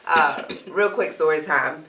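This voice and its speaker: A woman's voice: deep voice, unhurried, bright, forceful tone. A woman on a casual panel chat, telling stories about her family and laughing easily. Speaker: co-host. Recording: echoey room, mic at a distance.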